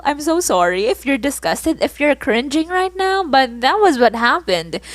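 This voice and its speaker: Young Filipino woman, slow close podcast talk. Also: high voice, no room sound. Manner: animated, self-mocking, laughs and groans at her own stories. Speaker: podcast host. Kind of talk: casual solo podcast storytelling.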